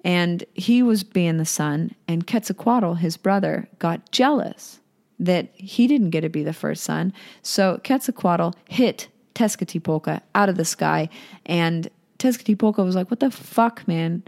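A woman's voice: on the low side, a little slow, creaky, a little mellow. Irreverent young woman retelling myths. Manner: irreverent, swearing, chatty asides. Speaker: storyteller. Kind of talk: casual myth retelling.

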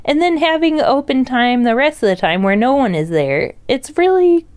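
A woman's voice: sits high, normal speed, clean tone. A woman co-hosting a podcast in casual chat, blunt and profane, telling stories with animation. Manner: blunt, swears freely, animated storytelling. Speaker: podcast co-host.

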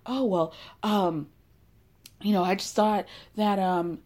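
A woman's voice: mid-range voice, fairly even intonation, slow pace, a little mellow. Woman putting on fumbling older man, hesitant, hedging, petty.

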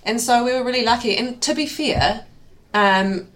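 A woman's voice: on the high side, moderate pace, fairly bright tone. A woman with a New Zealand accent, a recruitment business co-owner talking casually and rambling in an interview. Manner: rambling, many fillers and restarts.

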